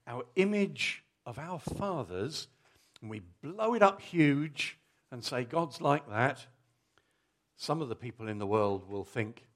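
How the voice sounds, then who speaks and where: A middle-aged man preaching a Father's Day family sermon, telling a story vividly and coaxing children to act it out. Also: mid-range voice.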